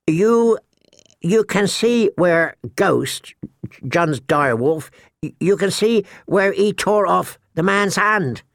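A man's voice: high-pitched, expressive, slow, creaky, fairly bright tone, no echo, clean studio sound, pitched above the performer's own voice, heavily acted. A man doing a stammering, frightened young man. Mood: nervous. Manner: stammering, breaking off mid-phrase.

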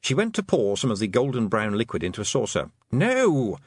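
Male storyteller, lively pitch, audiobook narration, dry close recording. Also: fast, dry recording. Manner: expressive, varied storytelling. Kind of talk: scripted narration.

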